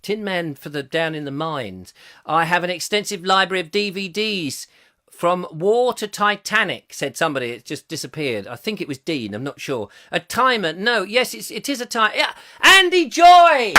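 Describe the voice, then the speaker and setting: A man's voice: high voice, expressive, normal speed, pushed and bright. A man hosting a playful live-stream chat show, rambling and reading viewer comments aloud with sudden silly outbursts. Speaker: host.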